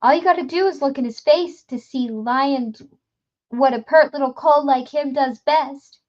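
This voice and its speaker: A woman voicing a sneering male gang thug who pleads and threatens in a shrill voice. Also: unhurried, muffled recording. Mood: snarling.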